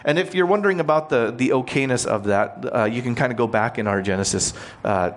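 A man's voice: medium pitch, a little fast. A male preacher working through a scripture passage in a conversational sermon. He explains it plainly and puts questions to his listeners.

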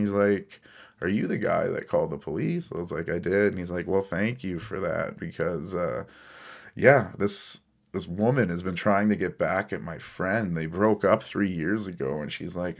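Deep-voiced casual male podcast host. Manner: rambling, self-deprecating, swears casually. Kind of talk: casual storytelling.

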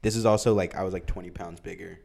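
Young guy telling a crazy party story, kinda low voice, laughing a lot and doing everyone's voices. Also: fast, vocal fry. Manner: animated, laughing, acts out voices in quotes. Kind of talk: casual storytelling chat.

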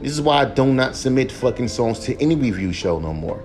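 A young man rants on his own podcast, swearing freely and hammering the same points over and over. His pitch swings widely as he heats up. Faint music plays under his voice. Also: lively intonation, a little fast, a little mellow. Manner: heated, profane, repetitive emphasis. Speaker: podcast host, rapper. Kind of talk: profane solo rant.

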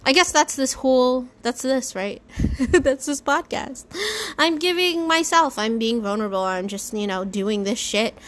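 A woman with a fairly high voice talks through a casual solo podcast. She drifts from thought to thought, cursing freely and chiding herself as she goes. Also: a little slow, a bit bright. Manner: rambling, swears freely, lots of fillers and self-talk. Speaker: podcast host.

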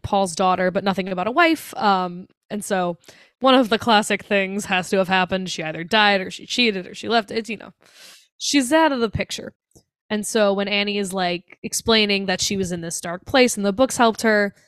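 A woman's voice: mid-range voice, normal speed, fairly bright tone, smooth, no room sound. A young woman co-hosting a podcast, recapping a movie in casual chat, acting out the characters' lines and laughing often. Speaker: podcast co-host.

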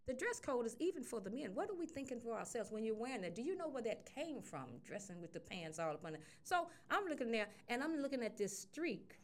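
Middle-aged woman, chatty radio storyteller, animated delivery. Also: fairly high pitch, brisk, few pauses. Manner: animated storyteller, acts out quotes. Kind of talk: casual storytelling chat.

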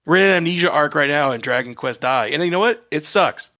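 A man's voice: a little high, expressive, fast, pushed and bright. A man on a podcast chatting casually, grumbling and sardonic about what he dislikes. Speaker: podcast regular. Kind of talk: casual chat. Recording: dull lo-fi mic.

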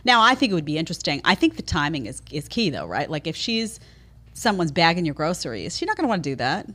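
A woman's voice: sits low, fast. A woman from New York hosting a podcast, giving opinionated, sarcastic commentary. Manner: sarcastic, animated, mocking impressions. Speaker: podcast host.

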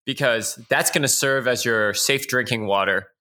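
A man's voice: mid-range voice, moderate pace, bright, forceful tone. A man co-hosting a casual podcast chat, joking and laughing often as he reads out facts. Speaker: podcast co-host.

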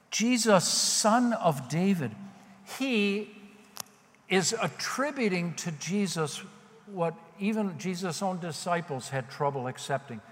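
A male pastor preaching a sermon in a conversational, self-deprecating way. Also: on the high side. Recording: long hall reverb.

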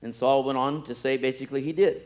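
A male pastor preaching a sermon, animated, swinging from loud pleading to quiet, low asides. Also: fast talker.

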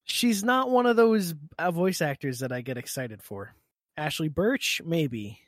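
A man's voice: on the high side, animated, unhurried, no room sound, studio quality. A man co-hosting a podcast, chatting casually, giggling often and trailing off mid-thought. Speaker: podcast co-host. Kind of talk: casual chat.

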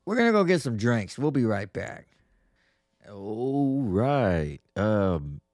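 A man's voice: fairly low pitch, darkish tone, no echo, clean studio sound. A man hosting a podcast, telling stories in a crude, rambling way with lots of profane slang. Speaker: podcast host. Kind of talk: casual podcast monologue.

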